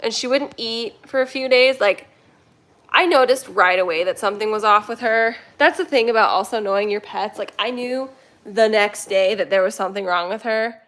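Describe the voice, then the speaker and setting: A woman's voice: medium pitch, moderate pace, fairly bright tone. A young woman hosting a casual livestream, chatting and reading viewer comments in a rambling way while talking to her cats. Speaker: kitten rescue livestream host.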